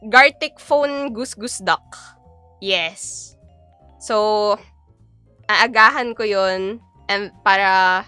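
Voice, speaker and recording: A woman's voice: a little high, pushed and bright, clear, resonant tone, no room sound. A young Filipino woman with a Filipino accent, chatting casually on a live stream, giggly and mixing Tagalog with English. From Philippines.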